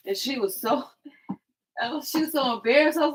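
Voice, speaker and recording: A woman's voice: high-pitched, lively intonation, normal speed, slightly rough. A woman hosting a tarot live stream, telling a rambling, profane story and laughing often.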